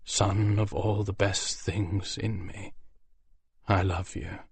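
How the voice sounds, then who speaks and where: A man voicing a frail, dying old male mage who speaks in a soft, hoarse, tender voice. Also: lowish voice, unhurried, no room sound. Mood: gentle, tender. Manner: tender and weary.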